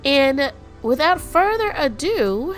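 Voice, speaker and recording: A woman's voice: sits high, big pitch swings, takes it slowly. A woman hosting a gaming channel, sounding stuffy and congested, chatting casually with lots of ums and laughs. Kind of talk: casual gameplay commentary. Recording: faint music behind.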